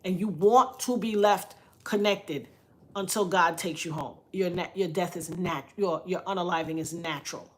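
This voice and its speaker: A woman's voice: on the low side, moderate pace. A middle-aged woman talking casually on her vlog, emphatic and preachy, often dropping into quoted voices. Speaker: vlogger.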